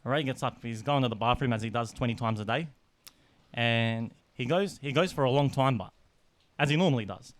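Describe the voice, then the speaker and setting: A young man co-hosting a casual podcast, telling animated stories and laughing often. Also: medium pitch, a little fast, dry recording. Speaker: podcast co-host. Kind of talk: casual storytelling chat.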